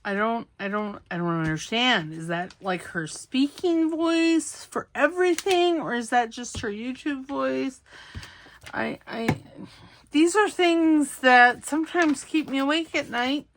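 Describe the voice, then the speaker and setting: A middle-aged woman talks her way through a craft project in an unhurried, rambling ramble, poking fun at herself as she goes. Her voice sits a touch high and her pace is leisurely. A faint hiss runs under the recording. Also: expressive. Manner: chatty, talks to herself while working, self-deprecating. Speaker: crafting channel host. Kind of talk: casual chat while crafting.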